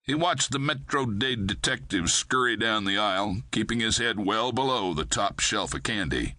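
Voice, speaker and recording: A man narrates a crime thriller in a steady, measured way. His voice is low but bright and forceful. It is recorded close on a studio mic, with no room echo. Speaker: audiobook narrator.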